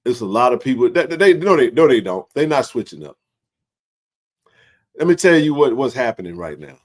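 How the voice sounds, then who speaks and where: A man hosting a casual sports livestream, animated and joking in colloquial speech. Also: medium pitch, fairly quick. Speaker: sports talk show host.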